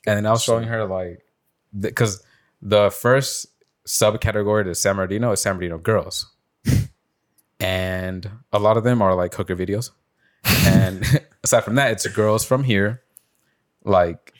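A young man casually telling a story on a podcast, rambling with lots of fillers and swearing. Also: low-pitched. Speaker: podcast host. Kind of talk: casual chat.

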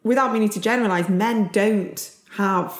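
A woman's voice: medium pitch, moderate pace. A woman hosting a podcast, responding reflectively and supportively to her guest. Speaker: podcast host. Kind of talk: interview conversation. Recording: echoey room.

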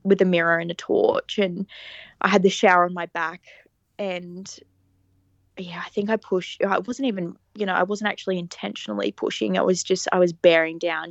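A young woman, a podcast guest, telling a personal story in a casual, lively way, laughing often and acting out what people said. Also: on the low side, vocal fry, dry recording, lo-fi sound. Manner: animated, laughs often, acts out quoted lines.

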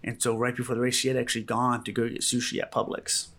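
Man, rescue medic, interview account, halting speech, lots of fillers, calm retelling, average pitch. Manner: halting, repeats himself, many fillers. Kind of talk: first-hand account in an interview.

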